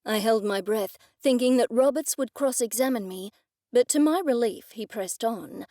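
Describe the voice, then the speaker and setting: A woman narrating a first-person cozy mystery audiobook in a measured, expressive storytelling manner. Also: a little high, no echo, clean studio sound.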